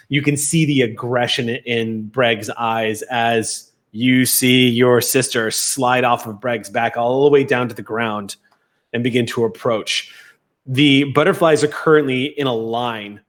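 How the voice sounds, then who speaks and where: A man runs a tabletop game as its game master, painting each scene in vivid detail. His voice sits in the middle range and moves at an even, unhurried pace. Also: mid-range voice. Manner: descriptive, cinematic scene-setting.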